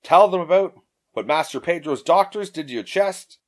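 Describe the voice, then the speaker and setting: A man's voice: on the high side, animated, normal speed, natural voice. A man voicing a brash, swearing young woman adventurer in an audiobook. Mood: urging. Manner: blunt, swearing, impatient.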